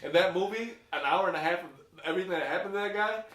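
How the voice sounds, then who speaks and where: A man with a fairly high voice chats on a podcast, swearing and laughing as he goes. He slips into movie quotes in put-on voices. The room is echoey and he sits back from the mic. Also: quick pace, a bit bright, recorded from a distance. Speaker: podcast co-host. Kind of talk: casual chat. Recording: roomy, from off-mic.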